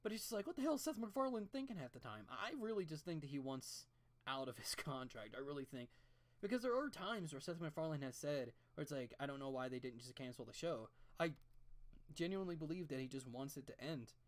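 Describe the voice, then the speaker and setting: Drawing at home, an art streamer with a middling-pitched voice talks into a desk mic, drifting into long, profane rants. They backtrack and restart sentences as thoughts arrive, speaking loosely and a little fast with big pitch swings.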